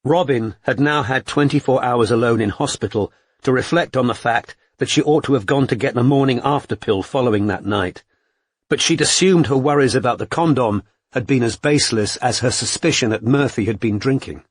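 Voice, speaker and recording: Husky male audiobook narrator. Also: mid-range voice, a little fast, no echo. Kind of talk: scripted narration.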